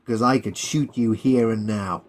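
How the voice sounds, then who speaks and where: A man's voice: fairly low pitch, measured pace, lightly acted. A man voicing an arrogant, bullying army colonel who barks orders and threats. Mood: arrogant, angry.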